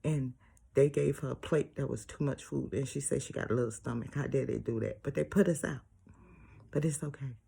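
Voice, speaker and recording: An older grandmother talking casually to her viewers, often dropping to a breathy near-whisper and repeating words for emphasis. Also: rumbling low, a little fast, dark tone. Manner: preachy, repeats phrases for emphasis. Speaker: vlogger. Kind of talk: casual personal monologue.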